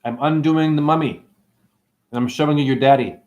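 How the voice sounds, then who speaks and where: A man hosting an online show, rambling through playful wordplay in a sing-song way, with sudden high whoops and drawling asides. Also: fairly even intonation, fairly quick, darkish tone, highs cut off. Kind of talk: rambling livestream monologue.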